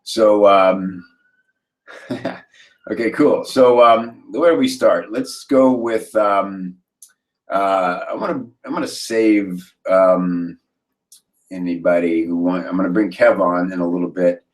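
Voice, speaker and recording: Deep-voiced man hosting a casual group call. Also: takes it slowly. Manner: rambling, upbeat, many fillers and restarts. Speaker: host of a copywriting members' call.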